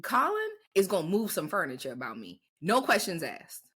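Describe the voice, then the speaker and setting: Young woman co-host, animated storyteller, bright and lively delivery, casual and profane. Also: lowish voice, moderate pace, slight background noise. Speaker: podcast co-host. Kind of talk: casual chat.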